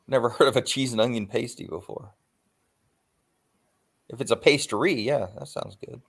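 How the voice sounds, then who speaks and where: A man's voice: mid-range voice, lively intonation, gravelly, slightly rough. A man chats loosely with his viewers on a livestream. He rambles from one topic to the next, stops often for ums and uhs, and swears without a second thought. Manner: rambling, swears freely, frequent filler pauses. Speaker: livestream host. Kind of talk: casual livestream chat.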